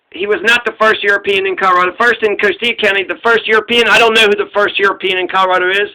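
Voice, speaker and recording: Host, male: high, bright voice, loose profane rambling through trivia answers. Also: poor audio. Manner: puts on gruff voices to act out quoted people. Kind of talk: casual solo trivia talk.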